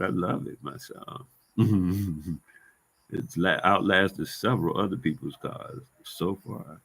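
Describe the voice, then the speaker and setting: A man's voice: deep voice, gravelly, husky. Heated, profane man ranting to camera. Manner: heated, profane, repetitive street talk. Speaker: vlogger.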